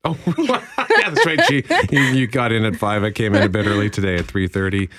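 A man's voice: on the low side, big pitch swings, brisk, fairly bright tone, no room sound, clean studio sound. A man hosting a morning radio show, chatting casually with frequent fillers, restarts and laughs. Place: radio studio. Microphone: studio microphone.

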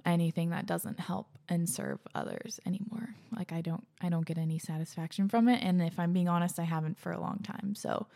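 A young woman hosting a casual solo podcast, earnest and gushing, slipping into soft breathy asides, and out of breath. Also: on the low side. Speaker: podcast host.

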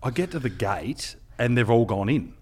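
Brief: Australian male, thirties, podcast raconteur, mid pitch, lively delivery with loud bursts when quoting people. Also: normal speed, breathy edge. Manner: animated, swings into loud quoted voices. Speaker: podcast guest storyteller. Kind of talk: casual storytelling chat.

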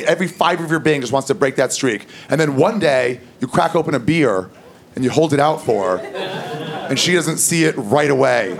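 Loud laughter from the crowd fills this live stand-up recording, where a man with a gravelly voice on the high side rambles through a crude story.

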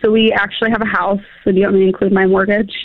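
A woman's voice: medium pitch, little pitch movement, rapid-fire, no room sound. Young woman caller in her twenties, hesitant and earnest, tinny phone line, dry. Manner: earnest, hesitant, laughs nervously. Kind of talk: radio advice call.

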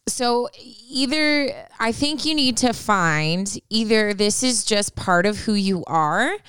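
A woman's voice: mid-range voice, lively intonation, takes it slowly, fairly bright tone, clear, resonant tone, no echo, studio quality. A woman co-hosting a casual advice podcast, talking in a chatty, reassuring way with many fillers. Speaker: podcast co-host giving advice.

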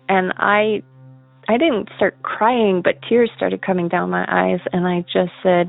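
A woman's voice: medium pitch, fairly even intonation, takes it slowly, vocal fry, no room sound, faint music behind. A woman earnestly telling a personal story as a caller, often laughing as she goes. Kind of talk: casual spoken storytelling. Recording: tinny dry phone line.

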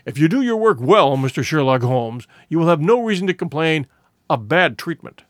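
A man's voice: a little high, sing-song, moderate pace, no room sound, studio quality. A man voicing a stern, stately nobleman who talks with proud, impatient dignity in a storybook reading.

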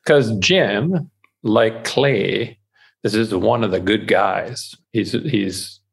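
A man, an author being interviewed, talking in a casual podcast conversation, animated and full of restarts, acting out quoted voices. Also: on the low side, extremely slow, gravelly, husky. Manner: animated, repeats and restarts words, acts out quoted inner voices. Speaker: author guest.

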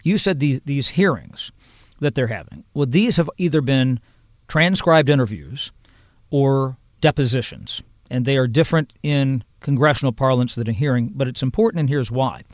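A man who is a congressional news producer, explaining in a measured, detailed way as a podcast guest. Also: medium pitch, expressive, no room sound. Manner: measured, explanatory, piles up clauses and examples. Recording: dull lo-fi sound.

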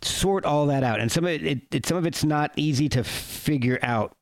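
A man's voice: a little high, gravelly. A man hosting a podcast, asking questions casually with many restarts and repeats. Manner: halting questions, frequent laughter and repeats. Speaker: podcast host. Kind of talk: casual interview.

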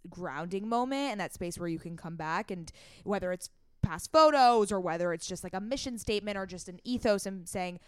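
Smooth-voiced woman podcast host. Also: medium pitch, fairly quick, no room sound, clean studio sound. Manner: earnest, reflective, repeats and restarts. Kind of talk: casual podcast chat.

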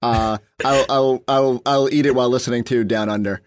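A man's voice: medium pitch, steady tone, normal speed, slight background noise. A sports reporter guesting on a podcast, a man who thinks aloud in casual chat with many restarts and fillers.

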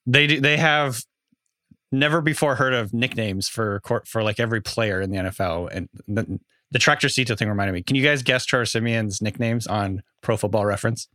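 A man co-hosting a casual sports podcast, explaining player news in a relaxed, chatty way. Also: on the low side, a little fast, dry recording, clean studio sound. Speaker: podcast co-host, fantasy analyst.

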